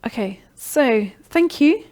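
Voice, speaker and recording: Woman, middle-aged, live course host, mellow warm tone, encouraging, keeps saying okay. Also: high voice, lively intonation, slow pace. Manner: encouraging, repeats "okay?" often. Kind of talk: live-streamed sales pitch and Q&A.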